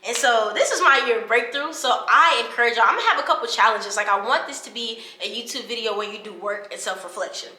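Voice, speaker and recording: A college-age woman talking casually to camera in a vlog, chatty and animated, calling her viewers y'all. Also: a little high, quick pace, hardly any pauses, echoey room. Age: 20s. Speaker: college student vlogger and podcaster.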